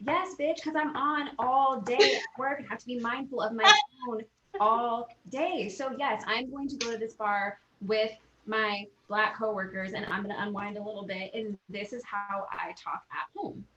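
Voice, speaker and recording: A woman's voice: a little high, steady tone, normal speed, a bit bright, lo-fi sound. A woman co-hosting a casual discussion, speaking bluntly with exasperation. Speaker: podcast co-host. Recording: echoey room, faint noise.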